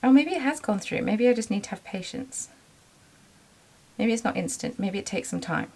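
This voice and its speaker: A woman's voice: mid-range voice, animated, normal speed, creaky, darkish tone. A woman running a small craft business, talking in a chatty, rambling way with lots of ums in a casual vlog. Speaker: small business owner and vlogger.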